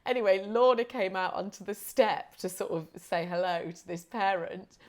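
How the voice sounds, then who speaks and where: A woman from the UK co-hosting a relaxed podcast chat. She tells stories, laughs often and keeps the talk light. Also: medium pitch, normal speed. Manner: chatty storyteller, laughs often. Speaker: podcast co-host. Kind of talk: casual chat.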